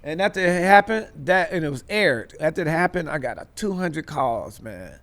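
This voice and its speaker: Man, comedian, fairly high pitch, animated, profane slang, acts out voices, laughs a lot. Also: moderate pace. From US Midwest. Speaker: stand-up comedian guest. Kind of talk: storytelling on a talk show.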